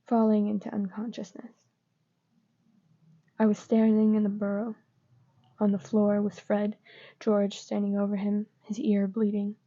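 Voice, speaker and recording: Woman reader, fan fiction; subdued, monotone, muffled lo-fi audio. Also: medium pitch. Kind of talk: reading fan fiction aloud. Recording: dull lo-fi recording.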